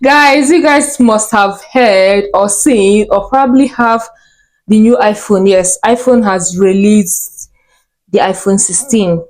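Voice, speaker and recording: A woman's voice: mid-range voice, takes it slowly, low-quality recording. Chatty, hyper young woman vlogging. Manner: chatty, hyper, laughs easily. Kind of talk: casual chat to camera. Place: at home indoors.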